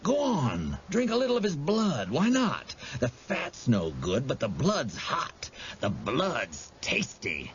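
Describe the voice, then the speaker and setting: A sly, sinister tempter who hisses and coaxes, his voice dropping low and rising again with relish, as a man puts him on. He speaks slowly and deliberately. Faint noise sits under a somewhat dull recording. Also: huge pitch swings. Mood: coaxing. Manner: hissing, low and coaxing. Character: sly, sinister male tempter, gleeful and coaxing.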